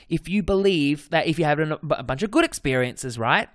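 A man's voice: fairly high pitch, expressive, fairly quick, hardly any pauses, fairly bright tone, no room sound, studio quality. A man with an Australian accent, a dating coach hosting his podcast in a casual monologue, stressing and repeating his key points with frequent self-corrections.

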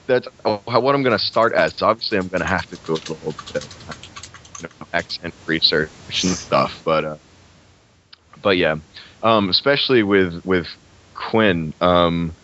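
Brief: young man, low voice, loose rambling podcast talk, muffled lo-fi audio. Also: moderate pace, fairly bright tone, slight background noise. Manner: rambling, frequent restarts and laughs. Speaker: guest actor. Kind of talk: casual podcast chat. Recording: lo-fi muffled recording.

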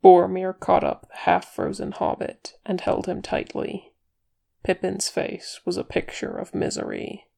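A woman narrating a chapter of fan fiction as an audiobook reader, measured and expressive. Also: fairly low pitch, vocal fry.

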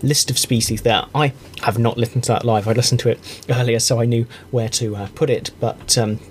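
A man's voice: mid-range voice, fairly even intonation, a little fast, a little hiss or hum. A man from Britain hosting a podcast, speaking earnestly and rambling a little with asides. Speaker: podcast host. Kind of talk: casual podcast chat.

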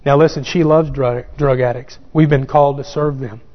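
A man's voice: medium pitch, fairly even intonation, moderate pace. A male pastor preaching a sermon, building to emphatic calls and reading scripture aloud. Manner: reads scripture aloud in King James wording. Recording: dull sound with long hall reverb.

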